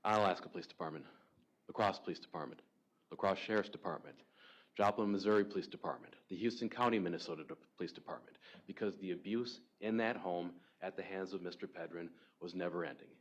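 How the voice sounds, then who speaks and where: A man giving a courtroom opening statement to a jury in a measured, persuasive way. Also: low-pitched. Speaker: defense attorney.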